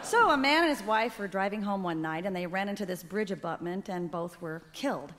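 A woman's voice: medium pitch, lively intonation, brisk, fairly bright tone, big-room sound, a little hiss or hum. A woman telling long jokes in a chatty storytelling manner on a live radio comedy show.

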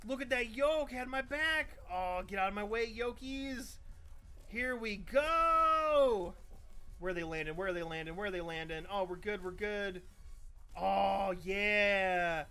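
A man in casual gaming banter, loud and excitable, swearing a lot. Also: sits high, measured pace. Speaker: gaming video regular.

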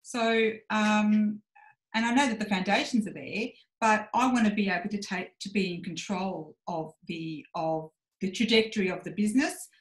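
Speaking at a normal speed with a medium-pitched voice, a woman in her forties tells her story as a podcast guest. She is frank and reflective, playing out her own inner voice, and the recording carries a roomy echo.

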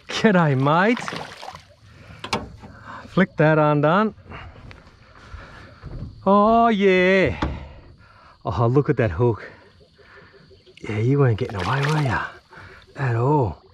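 An Australian man vlogging his fishing outdoors, excitedly talking to the fish and the viewers as he fights and lands it. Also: on the high side, slight background noise. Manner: excitable, chatty, swears and laughs while fighting fish. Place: outdoors on the water.

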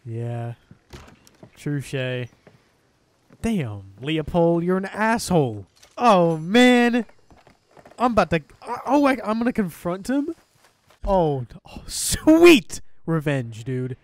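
A man giving excited commentary over gameplay, shouting, swearing and laughing at what happens on screen. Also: fairly high pitch, slow, long pauses, dry recording. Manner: laughs often. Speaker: gaming video creator.

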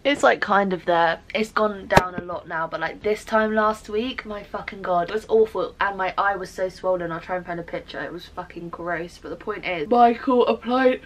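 A woman's voice: medium pitch, normal speed, hardly any pauses, poor audio. Sweary young woman vlogging. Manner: dramatic, sweary, self-mocking rant. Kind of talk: casual vlog chat.

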